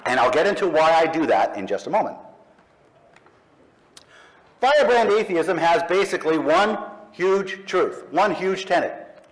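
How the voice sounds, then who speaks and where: A middle-aged man with a fairly high voice addresses a live audience. He delivers a forceful speech in slow, punchy statements, pausing pointedly between them. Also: big pitch swings, poor audio. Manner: emphatic, slow, punchy declarations with pointed pauses. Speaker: speaker at an atheist convention. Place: live event in front of an audience.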